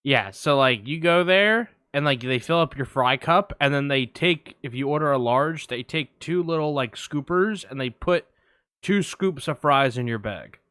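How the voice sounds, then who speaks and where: Casual podcast co-host, man, bright and smooth tone, dry close mic, rambling storyteller. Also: on the high side, animated, moderate pace, no echo. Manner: rambling anecdote, many fillers. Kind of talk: casual film podcast chat.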